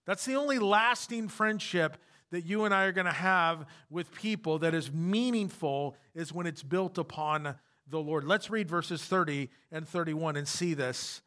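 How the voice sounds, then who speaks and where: Guy pastor giving a sermon, high bright voice, keeps repeating his points. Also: unhurried. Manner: emphatic, repeats key points.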